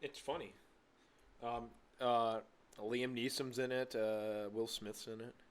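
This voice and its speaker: A man's voice: mid-range voice, level tone, slow, clean tone. A young man co-hosting a casual podcast, rambling and jokey as he tells stories. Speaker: podcast co-host. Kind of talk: casual chat.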